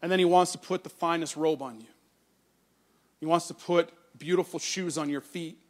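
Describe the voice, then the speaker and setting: A middle-aged male pastor giving a sermon, telling a family story with animated quoted voices, then turning earnest and soft on scripture. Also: fairly high pitch, moderate pace.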